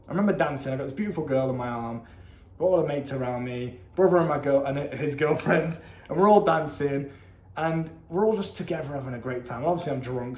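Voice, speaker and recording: A young man telling a story casually, animated, slangy and profane. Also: mid-range voice. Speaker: vlogger. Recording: echoey room.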